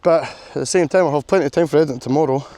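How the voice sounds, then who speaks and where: Soft music plays behind a man filming a walking vlog on a coastal path, his fairly high voice rapid-fire and dark in tone. Exhausted and aching from the long walk, he chats away, pokes fun at himself and curses freely.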